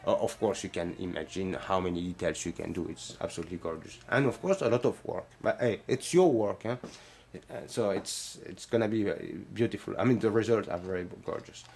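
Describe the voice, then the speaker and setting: A man's voice: low-pitched, fairly quick, creaky, darkish tone, slightly rough. A middle-aged man with a heavy French accent, a bootmaking instructor explaining his classes in an earnest, hesitant way with many fillers. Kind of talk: explaining classes in a promo walkthrough.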